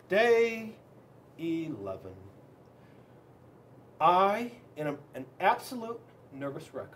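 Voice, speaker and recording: Man, high voice, storybook read-aloud, expressive, dramatic, swings loud and soft. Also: drawn-out words, pauses often, slight background noise. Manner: expressive, dramatic reading with big swings in loudness. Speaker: police officer reading to children.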